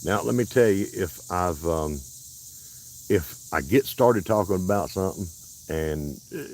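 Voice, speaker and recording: Low, expressive and unhurried, with a darkish tone and slight background noise, this Southern-accented Alabama man hosts a rambling park livestream. He talks in a folksy manner and keeps interrupting himself.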